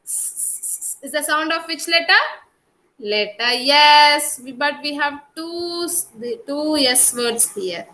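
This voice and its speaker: A woman's voice: high-pitched, animated, slow pace, bright, forceful tone, slight background noise, low-quality recording. A woman with an Indian English accent teaching a kindergarten class over a video call, coaxing and drawing out words for young children.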